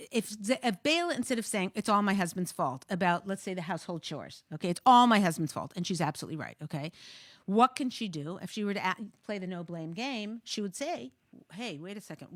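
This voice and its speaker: A woman's voice: medium pitch, lively intonation, brisk, no room sound, clean studio sound. A woman hosting a talk show, giving marriage advice in a jokey, thinking-aloud way with many restarts.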